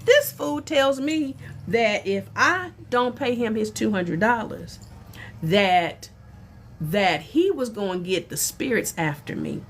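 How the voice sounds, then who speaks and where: A middle-aged spiritual teacher with a fairly high-pitched voice tells a personal story on a livestream. Her delivery is animated, folksy and exclamatory.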